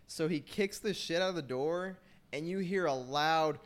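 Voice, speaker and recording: A man's voice: a little high, normal speed. A young man in casual chat, telling a rambling story full of fillers.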